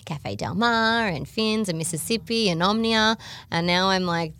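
An Australian woman co-hosting a podcast, talking in a chatty, quick way full of "like" and laughs. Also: medium pitch, a bit bright. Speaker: podcast co-host. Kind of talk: casual chat.

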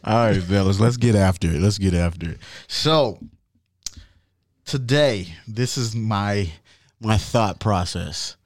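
A man hosting a casual chat, animated and profane, acting out what others say. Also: on the low side, slow pace, no room sound, clean studio sound. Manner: animated, profane, acts out quotes.

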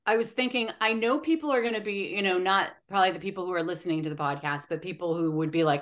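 A woman's voice: lowish voice, quick pace, hardly any pauses, a bit bright. A woman hosting a podcast, talking earnestly and from the heart in casual conversation. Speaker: podcast host and interviewer. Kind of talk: casual chat.

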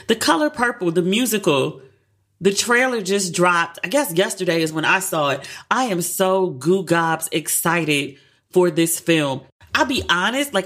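A woman co-hosting a casual pop-culture chat show, animated and chatty, often acting out her own reactions in high tones. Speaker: podcast co-host.

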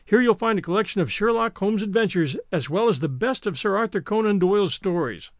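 A man's voice: high voice, animated, brisk, dry recording, studio quality. A man hosting a podcast and reading a memoir aloud as an audiobook, telling the story expressively and acting out the quoted speech. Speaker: podcast host and narrator.

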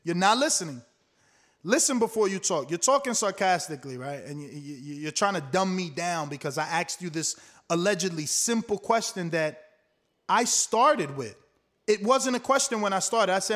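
Older male fighter, high-pitched, combative, talks over people in a heated argument. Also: expressive, normal speed. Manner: loud, combative, repeats himself, profane.

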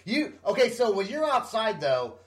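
A man's voice: sits high, sing-song, normal speed. A man in casual podcast chat, reacting with short remarks, follow-up questions and laughter.

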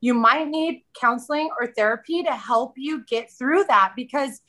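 A woman's voice: high voice, normal speed, bright, forceful tone. A woman in her thirties, a podcast guest in casual chat, candid and chatty, often quoting herself.

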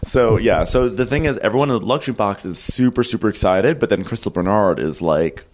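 A man's voice: fairly low pitch, expressive, a little fast, darkish tone, slight background noise. A man co-hosting a podcast, recapping a film in a rambling, wry casual chat. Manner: rambling, many fillers, wry. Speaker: podcast co-host.

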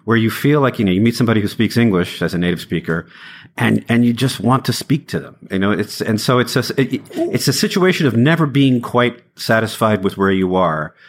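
A man's voice: lowish voice, animated, a little fast. A middle-aged singer-songwriter talking in a thoughtful, conversational way as an interview guest, laughing easily and restarting his phrases.

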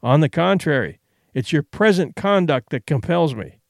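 Man doing a calm ship owner, quiet, clipped, cool, firm. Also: fairly high pitch, normal speed, creaky, dry recording, studio quality.

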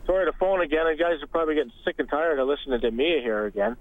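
A man's voice: on the high side, rapid-fire, no echo, poor audio. A man calling in to a sports radio show, chatty and rambling, often laughing at himself. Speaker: caller. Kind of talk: phone-in chat.

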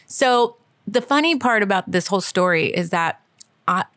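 A woman in her forties co-hosting a podcast, telling a story in a chatty, animated way with frequent laughter. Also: medium pitch, moderate pace, no room sound, studio quality. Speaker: podcast co-host. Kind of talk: casual storytelling chat.

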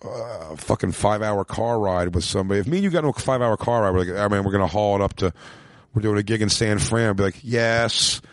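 A man's voice: on the low side, no room sound, studio quality. A male comedian chatting casually on a podcast, rambling and swearing as he acts out quotes in his stories. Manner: rambling, profane, quick to act out quotes. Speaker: comedian guest. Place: small home studio room.

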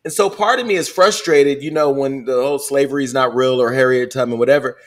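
A man's voice: medium pitch, fast talker. A middle-aged man hosting a podcast, talking bluntly and with plenty of swearing in candid casual chat. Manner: blunt, profane, storytelling. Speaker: podcast host.

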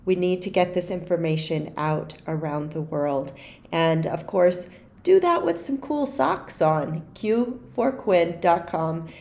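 A woman's voice: lowish voice, lively intonation, slow pace, gravelly, darkish tone. A woman co-hosting a parenting podcast, closing the interview and reading sponsor messages. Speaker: podcast co-host.

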